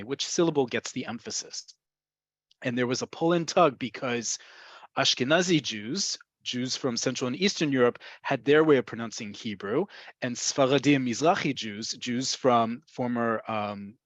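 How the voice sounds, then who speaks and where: A man's voice: mid-range voice, dry recording. A man teaching a webinar lesson on Hebrew words, explaining patiently and repeating key points for learners. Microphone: video call. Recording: dry, dull video-call audio.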